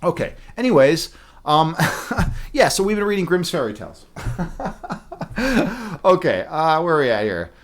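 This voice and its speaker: A young man hosts a livestream in an easygoing, rambling way, swearing often and joking with viewers. His voice sits a little high and moves up and down a lot. He talks into a desk microphone. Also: big pitch swings, unhurried, long pauses. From Midwestern US. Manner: rambling, profane, joking with chat. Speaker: livestream host. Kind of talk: casual livestream chat.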